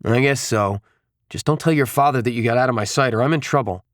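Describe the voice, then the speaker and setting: A man reading an audiobook, voicing a testy, hurried male bodyguard. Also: medium pitch, no room sound, studio quality, natural voice.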